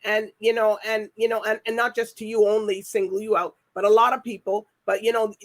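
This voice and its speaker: A woman's voice: mid-range voice, little pitch movement, brisk. A woman hosting a TV talk show, chatting with her guest and often repeating herself. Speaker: TV show host. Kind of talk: casual interview chat.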